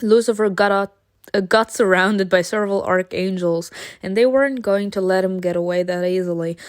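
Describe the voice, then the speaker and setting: A woman reading an interactive story game aloud, narrating dramatically and breaking into giggles and excited comments. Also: mid-range voice, normal speed, clean tone, no room sound, clean studio sound.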